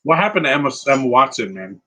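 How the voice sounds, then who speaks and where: A man giving casual live movie commentary, rambling and answering viewers' questions with quick opinions. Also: medium pitch, big pitch swings, sharp tone, low-quality recording.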